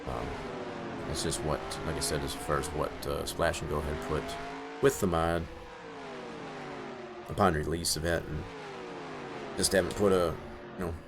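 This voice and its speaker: A man commenting on his own sim-racing session in a live stream, with excitable outbursts and rambling asides. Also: low-pitched, creaky.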